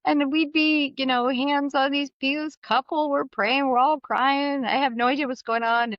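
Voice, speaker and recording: A middle-aged woman as a podcast guest, telling candid, animated stories and acting out the voices she quotes. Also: high voice, normal speed, dry recording. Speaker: guest, mortgage business leader. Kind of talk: candid storytelling interview. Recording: slightly dull studio sound.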